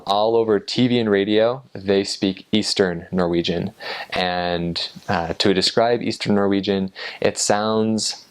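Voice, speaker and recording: Low-voiced guy talking casually about his mission, pauses a lot. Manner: relaxed, thoughtful, with many ums and uhs. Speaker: returned missionary. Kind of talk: casual explanatory talk.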